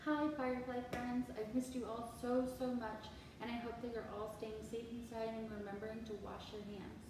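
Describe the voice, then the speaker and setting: A woman teacher reading a picture book aloud to children, animated and expressive with asides, heard from far off in an echoey room. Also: a little high, moderate pace, slight background noise.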